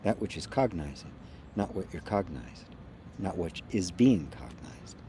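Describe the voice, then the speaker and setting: A man hosting a live spiritual satsang, speaking slowly and softly, trailing into quiet tones and reading out viewer comments. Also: low voice, animated, slight background noise. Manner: slow, soft and reflective, often trailing off quietly with gentle laughs. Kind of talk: live-stream talk answering chat comments.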